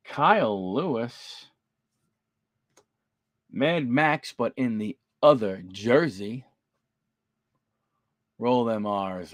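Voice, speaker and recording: This host of a live card-opening stream talks to viewers by name and announces player names as the cards turn over. He speaks slowly at medium pitch with big pitch swings and long pauses, and there's no echo.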